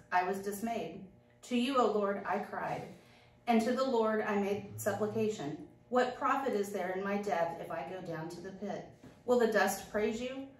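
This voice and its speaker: A woman reading a psalm aloud in church, lifting her voice on each invocation. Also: mid-range voice. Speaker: psalm reader. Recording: echoey church from far off.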